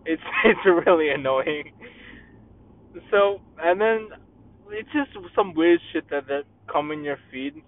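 Young male podcast host, exasperated profane rant, slightly high voice, phone-quality sound. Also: a little hiss or hum. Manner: profane, exasperated ranting with many fillers and restarts.

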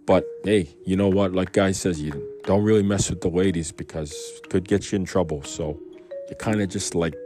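A man talks through a scripture passage in an easygoing, wandering way, often turning to rhetorical questions. His voice sits on the low side and sounds warm and dark rather than bright. Soft music plays faintly behind him. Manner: rambling, conversational, full of rhetorical questions. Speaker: Bible reading host. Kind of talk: casual devotional talk.

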